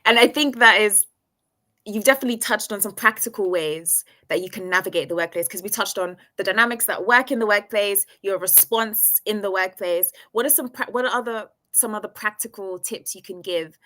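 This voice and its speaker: A woman's voice: medium pitch, fairly quick, bright, forceful tone. A woman hosting a live-streamed interview who asks thoughtful questions and affirms her guest. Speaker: podcast host.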